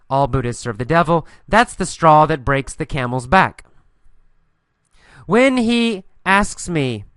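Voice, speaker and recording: A man teaching an English listening lesson, slowly and patiently asking questions and answering them himself, repeating the key phrases. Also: medium pitch, a bit bright, smooth, no echo.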